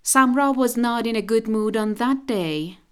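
A woman narrating a radio drama in a steady storytelling manner. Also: fairly high pitch, unhurried, clear, resonant tone.

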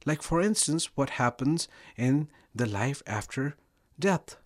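A man hosting a talk show, speaking calmly and posing rhetorical questions. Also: mid-range voice, slow. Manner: calm, poses rhetorical questions. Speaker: host.

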